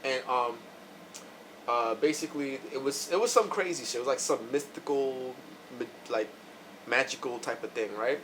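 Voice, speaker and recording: A man's voice: medium pitch, moderate pace, a bit bright, slight background noise, rough recording. A man hosting a reaction video, telling a story casually with many fillers and asides. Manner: rambling, lots of "right?" and "like".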